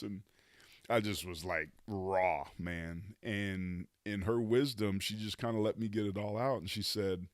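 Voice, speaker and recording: A man's voice: lowish voice, fairly even intonation, a little slow, dry recording, studio quality. A man in his fifties, a former pro football player, telling his life story as a podcast guest in an earnest, motivational way with casual slang. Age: 50s. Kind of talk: reflective storytelling in conversation.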